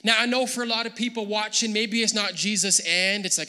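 Male pastor, high bright voice, animated sermon, long hall reverb. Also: a little fast, hardly any pauses. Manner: animated, acts out quoted voices. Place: church hall.

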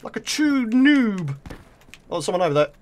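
A man with a British accent commentating live on his own gameplay, excitable and taunting his opponents. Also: high-pitched, moderate pace, a little hiss or hum. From Britain. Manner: excitable, talks to opponents and viewers. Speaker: gaming video creator.

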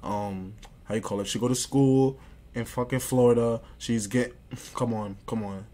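A young man livestreams and answers chat in slangy, boastful casual talk, repeating phrases and often sinking into a mutter. His voice is mid-range and warm, with fairly even intonation and a moderate pace.

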